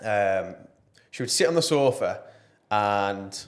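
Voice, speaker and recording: Earnest man, low voice. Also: lively intonation, takes it slowly. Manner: earnest, passionate, frequent fillers. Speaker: podcast guest. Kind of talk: casual podcast interview.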